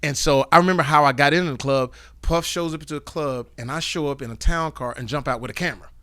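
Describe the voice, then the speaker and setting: A man guest telling animated, profane stories in a casual interview, acting out the dialogue. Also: on the high side, quick pace, no room sound. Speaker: guest, comedian and actor.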